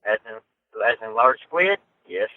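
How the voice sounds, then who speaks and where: A man's voice: medium pitch, lively intonation, unhurried. A man who is a guest on a podcast, answering bluntly and scoffing at names he doubts. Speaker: guest researcher. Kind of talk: casual interview chat. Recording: tinny phone-line sound.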